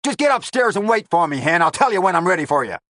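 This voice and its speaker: A man's voice: fairly low pitch, animated, fairly quick, fairly bright tone, no room sound, clean studio sound. A man voicing a surly, bullying gangster boss who snarls his curt, contemptuous lines. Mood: snarling.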